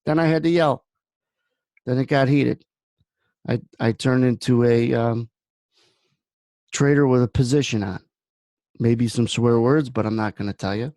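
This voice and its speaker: A man's voice: mid-range voice, lively intonation, normal speed, pauses often, a little mellow, dry recording. A man hosting a trading room, giving blunt market commentary that wanders into personal stories. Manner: blunt, rambling storyteller.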